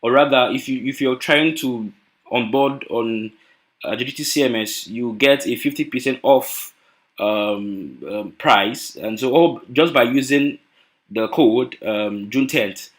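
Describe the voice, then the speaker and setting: A man's voice: mid-range voice, a little slow. Nigerian man giving a conference talk. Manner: hesitant, many fillers and restarts. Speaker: conference speaker.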